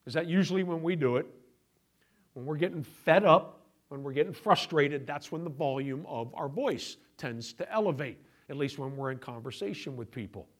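A middle-aged male pastor preaching a sermon in a conversational way, moving between quiet asides and raised, emphatic points. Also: a little high.

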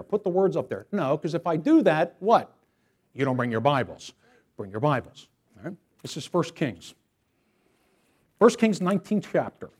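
Husky, high-voiced animated male pastor. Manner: animated storytelling preacher. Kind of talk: sermon.

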